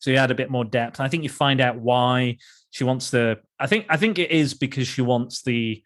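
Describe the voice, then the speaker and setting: A man's voice: medium pitch, brisk. A man co-hosting a podcast, chatting casually about old films with frequent restarts and chuckles. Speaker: podcast co-host. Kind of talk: casual film discussion.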